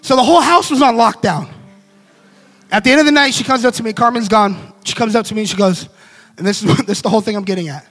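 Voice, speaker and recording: A man preaching a devotional message as an animated, casual storyteller. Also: high voice, fast.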